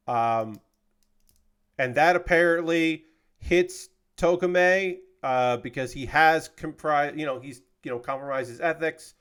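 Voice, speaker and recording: A man's voice: mid-range voice, fairly bright tone, smooth. A man casually recapping an anime episode on a livestream, loose and profane, with lots of fillers and restarts. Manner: gets heated and indignant when he talks about unfair characters.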